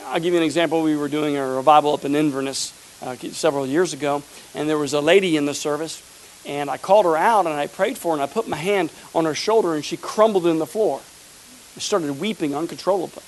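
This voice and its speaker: Pastor, middle-aged man, high voice, animated sermon delivery from the pulpit. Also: fairly quick, low-quality recording. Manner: animated preaching, acts out quoted people. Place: church sanctuary.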